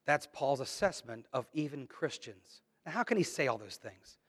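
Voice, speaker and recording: A man's voice: medium pitch, animated, normal speed, breathy edge, big-room sound. A middle-aged man preaching a sermon in a church, reading scripture and speaking in an emphatic, conversational way. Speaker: pastor. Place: church sanctuary.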